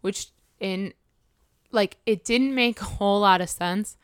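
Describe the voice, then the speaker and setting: A woman's voice: mid-range voice, measured pace, smooth, dry recording, studio quality. A woman co-hosting a podcast, telling a story in casual chat and quoting others. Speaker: podcast co-host.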